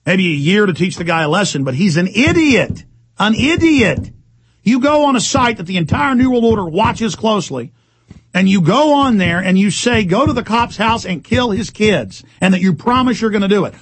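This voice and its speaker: Gravelly, husky, agitated radio host man. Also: sits high, lively intonation, fairly quick, no echo. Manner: shouting, indignant, repetitive. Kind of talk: angry talk radio rant.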